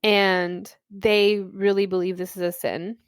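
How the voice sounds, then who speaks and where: A woman co-hosts a podcast in loose, casual chat with a middle-pitched voice. She thinks out loud and uses lots of filler words. The recording is dry and close. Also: level tone, unhurried, clear, resonant tone, no echo. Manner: loose and thinking aloud, full of "like". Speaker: podcast co-host.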